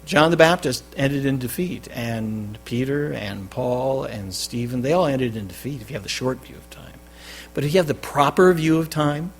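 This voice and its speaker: A man preaching a sermon as pastor, with loud stressed phrases that drop to quiet endings. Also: medium pitch, a little hiss or hum. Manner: emphatic, swinging between loud stresses and quiet drops. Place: church.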